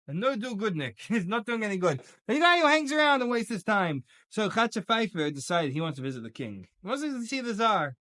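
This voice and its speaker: Animated male teacher, jokey, acts out stories, dry close sound. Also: high voice, brisk, no echo. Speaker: Torah teacher. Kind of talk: casual lively religious lesson.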